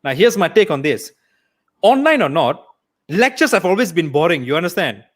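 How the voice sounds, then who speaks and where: Man, stand-up comic, high pitch, deadpan ranting. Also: normal speed. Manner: deadpan rants with mock-angry asides. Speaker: stand-up comedian. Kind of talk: stand-up set.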